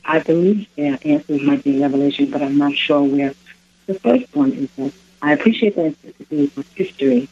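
A man's voice: fairly high pitch, animated, a little fast, vocal fry. A male caller asking earnest, long, winding questions about scripture. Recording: muffled phone line on radio.

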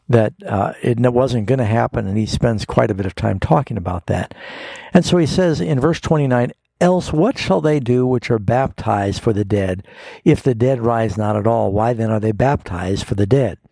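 A middle-aged man, a pastor hosting a radio Bible call-in show, earnestly explaining scripture and slowing down to read verses aloud. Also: mid-range voice, vocal fry, mellow, no echo.

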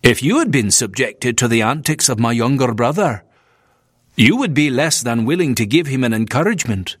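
A man's voice: mid-range voice, lively intonation, moderate pace, a bit bright, breathy edge, no room sound, studio quality. A man voicing a stiff, disapproving Methodist minister with a Scottish accent in an audiobook.

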